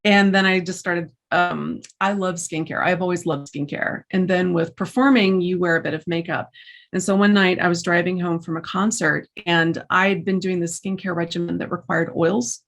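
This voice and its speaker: A woman, a guest in an interview, chatting in an animated, storytelling way about her work as a musician and entrepreneur. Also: lowish voice, moderate pace. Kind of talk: casual interview chat.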